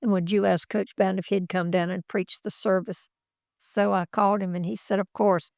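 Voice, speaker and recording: A woman's voice: medium pitch, flat delivery, moderate pace, creaky, a little mellow, no echo. Older woman, folksy storyteller, dry close sound, rambling delivery. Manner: folksy, rambling anecdotes with acted quotes. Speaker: interviewee, former executive assistant. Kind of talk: casual storytelling. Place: office.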